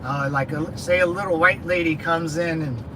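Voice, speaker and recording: A man's voice: a little high, steady tone, moderate pace, noisy background. A man in his thirties telling loose stories to his viewers, laughing often and saying "dude" and "man" a lot. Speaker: veteran channel host. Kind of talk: casual storytelling chat.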